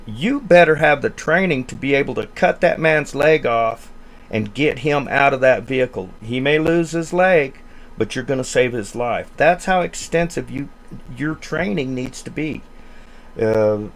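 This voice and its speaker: Man, middle pitch, earnest, urgent, emergency communications officer, casual stream discussion. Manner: earnest, urgent advice-giving.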